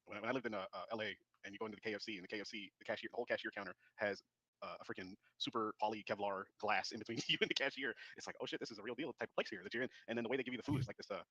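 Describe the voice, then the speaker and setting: A man's voice: on the low side, fairly even intonation, rapid-fire, pushed and bright, no room sound. A man from Georgia on a casual panel, telling stories with many hesitant fillers. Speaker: panel guest. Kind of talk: casual chat.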